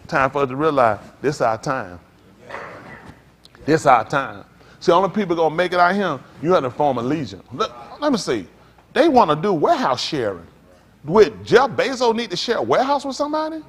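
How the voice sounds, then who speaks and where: A man preaching a sermon as pastor, telling stories with loud outbursts. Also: on the high side, fairly quick. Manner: animated preaching with storytelling, loud outbursts and laughs.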